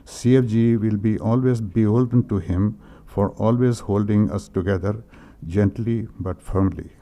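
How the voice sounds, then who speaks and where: An older man, reading condolence messages at a memorial, hesitant and emotional, often clearing his throat. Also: fairly low pitch, unhurried, mellow. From India. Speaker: speaker at a memorial tribute.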